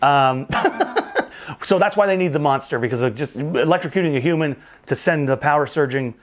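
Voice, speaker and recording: A man's voice: fairly high pitch, moderate pace, a little hiss or hum. A man hosting a casual movie review show, recapping the plot with jokes, exasperated asides and casual swearing.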